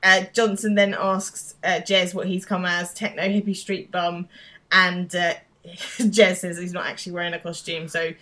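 Female podcast co-host, lowish pitch, chatty storyteller, casual recap. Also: little pitch movement, sharp tone. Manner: chatty storytelling, quick to laugh.

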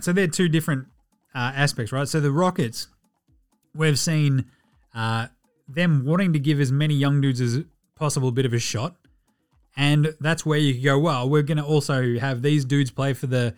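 An Australian man hosting a sports podcast in casual chat, profane and ranting, laughing often. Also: mid-range voice. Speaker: podcast host.

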